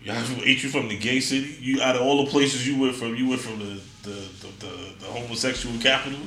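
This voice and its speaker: A man's voice: medium pitch, a little fast. A man trading casual banter as a podcast co-host, slangy and often laughing as he tells stories. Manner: slangy, laughing, animated storytelling. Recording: roomy echo with faint room noise.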